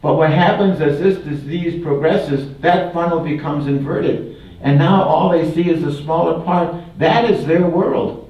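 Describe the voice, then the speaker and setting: A man's voice: on the high side, a little slow, darkish tone. An older man from Wisconsin giving a folksy public talk, mixing humor with repeated phrases. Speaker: guest speaker. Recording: distant, roomy, dull hall recording. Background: audience laughter.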